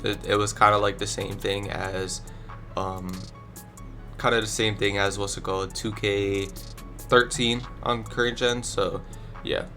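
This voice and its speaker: A man's voice: lowish voice, level tone, unhurried, bright, forceful tone, soft background music. A young man with a stuffy nose from allergies, casually rambling his blunt opinions as a gaming YouTuber into a desk microphone. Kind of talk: casual commentary ranking video games.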